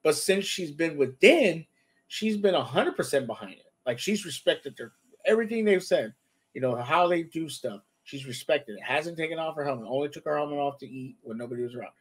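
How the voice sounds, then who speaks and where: A man's voice: on the high side, expressive, a little fast, husky. A man hosting a casual chat, retelling scenes and acting out the characters' lines. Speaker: podcast host. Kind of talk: casual show review chat.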